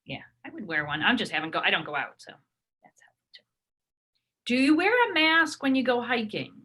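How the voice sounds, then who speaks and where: A woman improv performer in casual chat, talking in quick, self-interrupting bursts. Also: fairly high pitch, expressive, pushed and bright. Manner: chatty, laughing, self-interrupting.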